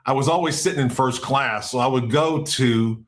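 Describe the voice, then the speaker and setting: A male podcast host telling a story casually, in an animated way, acting out what people said. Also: moderate pace. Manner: animated, acts out quotes with big pitch jumps.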